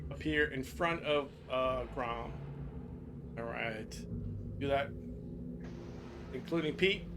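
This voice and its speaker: An older man running a tabletop game over voice chat in a relaxed, rambling way, on a noisy recording. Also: medium pitch, takes it slowly. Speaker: game master.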